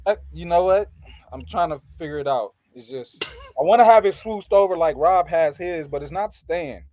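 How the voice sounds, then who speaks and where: A man's voice: a little high, normal speed, a little mellow, no echo. A man hosting a podcast interview, playful and joking, laughing often. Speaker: podcast host. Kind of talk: casual interview chat.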